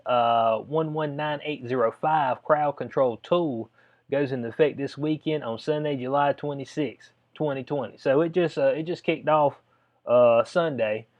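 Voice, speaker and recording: A male video commentator, his voice a little high and his speed normal, reads out a letter and reacts in a loose, drawling, chatty manner. He refers to the listener as "bud," and the audio is dull and lo-fi.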